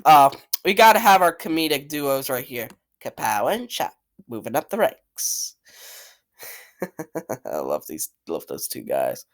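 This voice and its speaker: A man's voice: mid-range voice, very animated, a little slow, pauses often. A man giving casual, opinionated commentary as a channel host, blunt and rambling, swearing freely and repeating himself. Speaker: channel host ranking cartoon characters.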